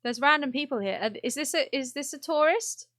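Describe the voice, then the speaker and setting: A woman's voice: high voice, expressive, fairly quick, fairly bright tone, no echo, clean studio sound. A young woman chatting and exclaiming through a live game stream, laughing often. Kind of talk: casual live gameplay commentary.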